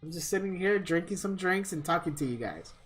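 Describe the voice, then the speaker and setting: A man's voice: on the high side, animated, brisk, fairly bright tone, faint music behind. A man live-streaming a fighting game, chatting casually with viewers in a rambling, profane storytelling manner.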